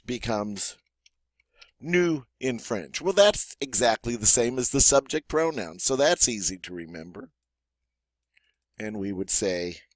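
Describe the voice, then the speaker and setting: Man, Southern US accent, teacher, unhurried delivery, dry close sound, encouraging. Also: medium pitch, no echo. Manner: encouraging, stretches out French words slowly. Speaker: French teacher. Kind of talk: classroom-style grammar lesson.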